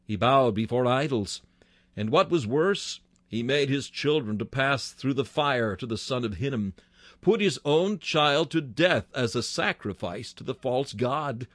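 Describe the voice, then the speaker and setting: A man's voice: mid-range voice, animated, a little slow, fairly bright tone, dry recording. Fervent male preacher, dry close sound. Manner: fervent, dramatic rises on key words. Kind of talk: sermon.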